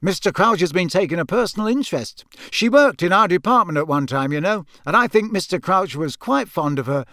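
A man's voice: high-pitched, animated, brisk, hardly any pauses, pushed and bright, no room sound, clean studio sound, voice pushed up, full character voice. A man voicing a pompous, self-important young male ministry official in an audiobook reading.

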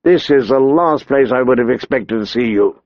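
A man voicing an earnest young man on guard duty, plain and steady, in a dull, dry lo-fi recording. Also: mid-range voice, moderate pace, no room sound, natural voice.

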